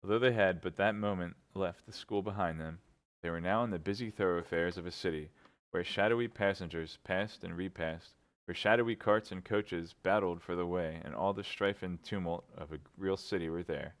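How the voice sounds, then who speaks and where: A man reading a classic novel aloud in a relaxed, amused, animated way. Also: low-pitched, normal speed. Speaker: reader.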